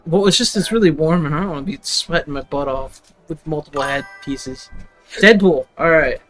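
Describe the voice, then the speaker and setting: A man's voice: on the high side, moderate pace, over music. Rambling, laughing young man streamer. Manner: rambling, laughing often, full of fillers. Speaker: livestream host. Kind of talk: casual stream chat.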